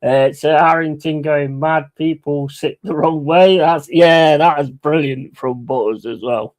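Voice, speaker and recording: A man's voice: fairly high pitch, fairly even intonation, measured pace, a little mellow, no echo. A man chatting casually on a live stream, rambling and swearing between chuckles.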